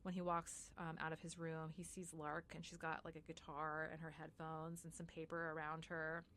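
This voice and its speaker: A woman's voice: low voice, completely flat delivery, normal speed, fairly bright tone, slight background noise. A woman co-hosting a podcast, retelling a book in casual chat with lots of "like" and frequent swearing. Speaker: podcast co-host.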